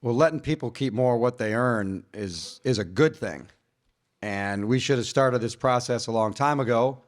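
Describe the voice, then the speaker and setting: Male senator, blunt and plain-spoken, even-pitched. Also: moderate pace. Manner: blunt, matter-of-fact. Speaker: senate floor leader. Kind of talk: panel discussion.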